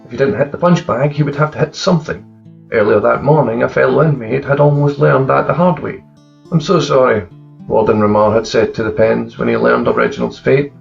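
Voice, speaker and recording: A man narrating a dark crime story in a steady, plain manner. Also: medium pitch, brisk, vocal fry, far from the mic. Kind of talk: dark crime fiction reading. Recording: slightly dull recording with faint guitar.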